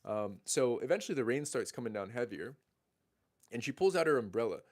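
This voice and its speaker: A man in his twenties, a dating coach, telling a story in animated, casual speech full of swearing and restarts. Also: mid-range voice, brisk. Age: 20s.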